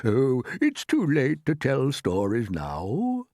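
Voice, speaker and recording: A gentle old grasshopper, as a man puts him on, courteous and unhurried, letting each phrase out slowly. The voice sits near the reader's own pitch but with a shifted, older tone, recorded close and dry. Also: wildly swooping pitch, no echo, heavily acted. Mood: calm. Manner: slow, measured and genteel.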